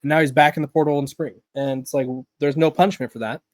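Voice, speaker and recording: A man's voice: a little high, steady tone, fast talker, no echo. A man hosting a daily college football podcast, talking in a loose, conversational way with fillers and restarts. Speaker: podcast host. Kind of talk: casual sports podcast commentary.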